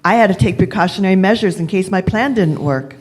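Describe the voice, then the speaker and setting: A woman playing the Doctor, a wily time traveller, in a live fan radio play, with an imperious, deliberate delivery. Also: mid-range voice, lightly acted. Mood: explaining. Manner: imperious, deliberate, drawn-out phrasing.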